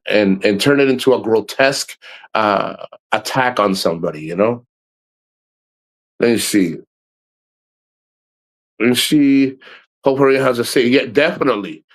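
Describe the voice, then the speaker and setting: A middle-aged man talks straight into his streaming mic in a loose, rambling way. He is blunt and swears freely. His voice sits at an ordinary mid pitch. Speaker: livestream host. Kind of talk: casual livestream talk.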